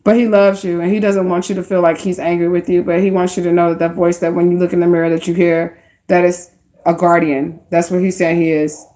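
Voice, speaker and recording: A woman's voice: on the low side, level tone, a little fast, mellow. Chatty woman giving live card readings. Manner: chatty, informal slang, talks straight to viewers. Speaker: livestream tarot card reader. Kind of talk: casual live-stream reading.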